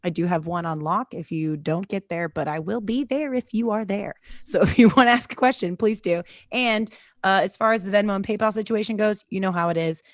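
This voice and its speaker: A woman's voice: mid-range voice, dry recording, studio quality. Chatty woman host telling stories. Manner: chatty, storytelling, quick asides. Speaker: comedian interview host. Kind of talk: casual livestream interview.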